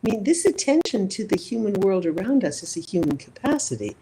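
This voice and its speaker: A woman psychologist, interviewed as a guest, builds her points thoughtfully through examples and rhetorical questions in a reflective conversation. Her medium-pitched voice is very animated and a little fast. Background noise is audible.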